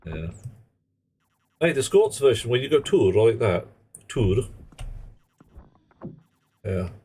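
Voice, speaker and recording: A man's voice: mid-range voice, sing-song, unhurried, mellow, slight background noise. A man chatting casually on a live game stream, rambling and joking in muttered asides. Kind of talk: casual live-stream chat while gaming.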